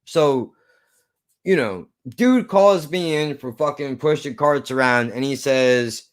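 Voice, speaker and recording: A man's voice: mid-range voice, slow. A man telling a profane personal story, acting out both sides of an old argument. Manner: animated, swearing, acts out both sides of an argument.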